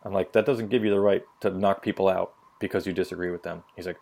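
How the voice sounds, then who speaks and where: A man's voice: low voice, fairly even intonation, quick pace, gravelly, hardly any pauses, a little mellow. A young man telling stories on a casual opinion podcast, blunt and profane. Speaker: podcast co-host.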